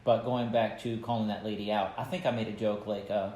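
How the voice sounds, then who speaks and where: A man who performs for children, guesting on a podcast in casual chat, animated and acting out quotes as he tells stories. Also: on the low side, fairly quick. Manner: animated storyteller, acts out quotes. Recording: roomy sound with faint noise.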